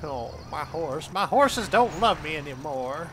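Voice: medium pitch, lively intonation, unhurried, a bit bright. A gameplay host giving playful let's-play commentary, goofing around and role-playing the game's farmer with mock drama. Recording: noisy home recording.

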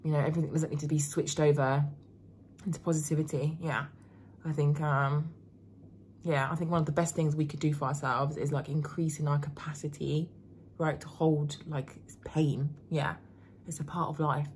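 A woman's voice: deep voice, flat delivery, moderate pace, darkish tone, a little hiss or hum. A young woman, rambling candidly in a casual vlog, full of fillers and swearing. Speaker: vlogger.

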